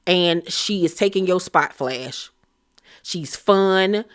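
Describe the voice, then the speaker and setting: A woman's voice: on the low side, slow pace. A woman giving a sassy, blunt, slang-filled casual recap of a reality show, laughing as she rants. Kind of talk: casual gossip recap commentary.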